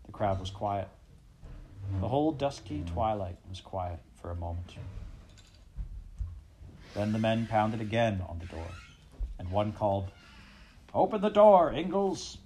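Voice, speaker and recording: A man narrating a storybook at a measured, even pace. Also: lowish voice, noisy background. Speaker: audiobook narrator.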